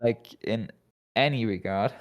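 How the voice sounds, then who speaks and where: A man giving color commentary on a card game match, unhurried and slightly halting. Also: lowish voice, highs cut off. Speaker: esports co-caster.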